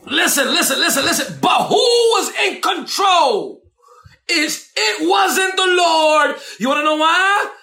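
A man preaching a sermon, shouting and dramatic, with asides to the congregation. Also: very high voice, expressive, a little slow, echoey room.

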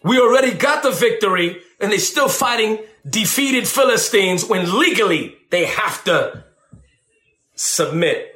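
A man preaching on deliverance, animated and emphatic, who acts out shouting ministers and calls his listeners baby. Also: sits high, a little slow, reverberant. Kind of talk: sermon.

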